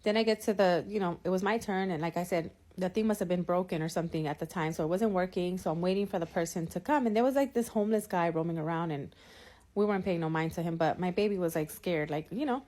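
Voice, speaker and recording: A woman's voice: fairly low pitch, fast. Profane, rambling woman ranting about her day. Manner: animated, profane, rambling with many fillers. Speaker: mother venting in a clip. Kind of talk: ranting storytime. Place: California.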